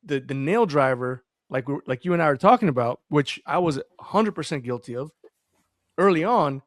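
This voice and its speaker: A man talking about fatherhood as a podcast guest, in an earnest, animated storytelling way. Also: a little high, moderate pace, no room sound, studio quality. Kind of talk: casual podcast conversation.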